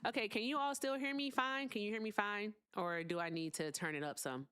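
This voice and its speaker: A woman's voice: mid-range voice, fairly quick, a bit bright, smooth, no echo, studio quality. A young woman hosting a casual livestream, chatting with her viewers while she fixes her sound. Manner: chatty, talks to viewers, fiddles with sound settings. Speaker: livestream host.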